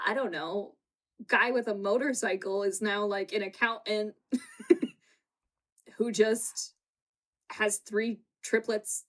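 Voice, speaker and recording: A woman's voice: mid-range voice, steady tone, slow, pauses often, fairly bright tone. A woman co-hosting a casual chat, laughing often as she retells scenes. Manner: giggly, retells scenes with quoted voices. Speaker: podcast co-host. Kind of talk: casual chat recapping a reality show. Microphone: home setup with green screen.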